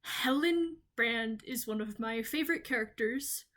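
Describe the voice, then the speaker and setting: A woman's voice: fairly high pitch, measured pace, a bit bright. A young woman from the Southern US, talking off the cuff in a rambling, enthusiastic video essay full of ums and restarts. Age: young adult. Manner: enthusiastic, gushing. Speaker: video creator.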